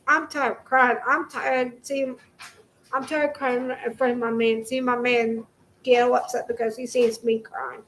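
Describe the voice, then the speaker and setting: A young woman vlogger rants angrily straight into the camera from her home, swearing and circling back on herself. Her voice is high and fairly bright, the audio is poor, and faint room noise sits underneath.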